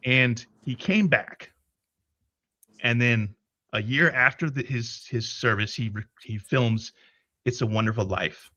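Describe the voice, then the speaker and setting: A man's voice: medium pitch, measured pace, no echo, lo-fi sound. A man telling a story in a casual livestream chat, cursing freely and restarting his sentences as he goes. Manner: profane, animated retelling with many restarts. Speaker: podcast co-host.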